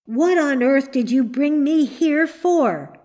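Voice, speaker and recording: Storybook little girl, anxious and pleading, done by a woman reader; lifted pitch, slow delivery. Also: expressive, darkish tone. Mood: upset, pleading. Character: distressed little girl, easily upset and pleading.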